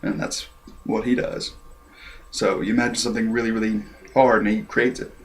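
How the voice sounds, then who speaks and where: A man giving a casual, rambling review of an anime episode and clearing his throat often. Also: lowish voice, flat delivery, moderate pace.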